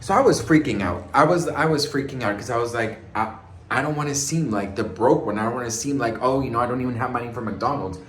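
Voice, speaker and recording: A man's voice: mid-range voice, fast, fairly bright tone, a little hiss or hum. A man vlogging celebrity gossip in a sassy, dramatic way, calling viewers girl and best friend and acting out quotes in raised voices. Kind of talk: casual gossip chat. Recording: echoey room with faint ambience.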